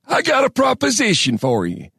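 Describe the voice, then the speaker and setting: A man voicing an ancient, wheezing old man from another planet, with a harsh, gravelly voice and a slow, folksy drawl. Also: very high voice, huge pitch swings, a bit bright, no room sound, clean studio sound, voice pushed up, full character voice.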